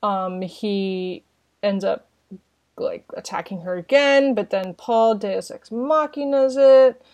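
Woman podcast co-host, loose chatty delivery, middle pitch, dry audio. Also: slow pace, a little mellow, dry recording. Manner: rambling, filler-heavy, swears casually. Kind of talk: casual film discussion.

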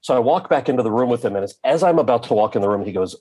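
A man speaking as an actor and guest, telling a candid story in conversation, lively, slipping into the voices of the people he quotes. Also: medium pitch, very fast, slightly rough. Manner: animated storyteller who acts out quoted voices.

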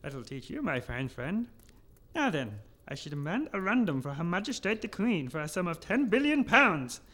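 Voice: medium pitch, sing-song, moderate pace, noisy background, natural voice. A performer playing a boastful villainous baron in an amateur radio comedy. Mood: scheming. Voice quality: theatrical, boastful. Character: scheming pompous villainous baron.

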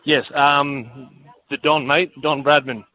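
A man's voice: fairly high pitch, level tone, takes it slowly. A man calling into a radio show, Australian with a slight Kiwi tinge, easygoing and chuckling, heard over a phone line. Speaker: caller.

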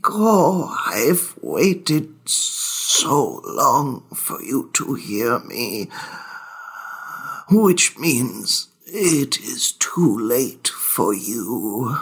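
A man voicing a ghost that calls out in an airy, breathy tone, with slow, drawn-out, tearful pleading. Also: mid-range voice, sing-song, pushed and bright, exaggerated voice. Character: pleading ghostly voice echoing through a home.

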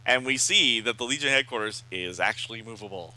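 A man's voice: medium pitch, brisk, few pauses, low-quality recording. A man hosting a casual podcast, recapping a comic book and reading its dialogue aloud. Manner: animated, reads out all the dialogue and puts on voices. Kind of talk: casual comic read-along.

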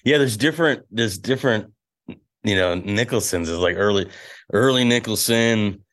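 A man who is a podcast guest telling a story in casual chat, animated and laughing often. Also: lowish voice, moderate pace. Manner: animated, laughing, slips into impressions.

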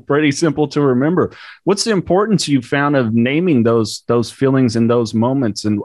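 A man hosting a podcast interview, asking questions in a relaxed, searching way with frequent fillers. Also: medium pitch, no room sound, studio quality. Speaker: podcast host. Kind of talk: conversational interview.

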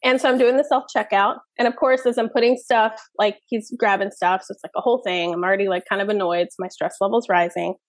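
A woman in her thirties, a parenting expert, telling stories in a lively, casual podcast chat full of fillers. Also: medium pitch, quick pace, few pauses, no echo. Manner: animated storytelling, many fillers.

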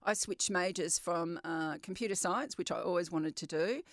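A middle-aged Australian woman telling stories in a casual interview, lively and quick to laugh. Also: fairly low pitch, no echo, clean studio sound. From Western Australia. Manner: lively, chatty, laughs often. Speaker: guest, champion open water swimmer.

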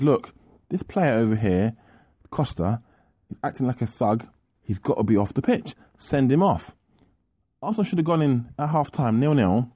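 A man's voice: fairly low pitch, mellow, slightly rough, no room sound. A man giving a frustrated, impassioned monologue about a lost football match, repeating himself as he rants. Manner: impassioned, repetitive, ranting. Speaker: football fan commentator.

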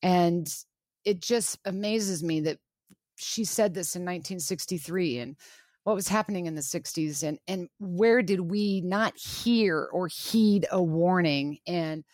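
A woman's voice: lowish voice, measured pace, a little mellow, dry recording, clean studio sound. A middle-aged woman, a guest on an interview show, speaking earnestly and with emphasis, often restarting her phrases. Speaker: author and guest. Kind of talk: radio interview.

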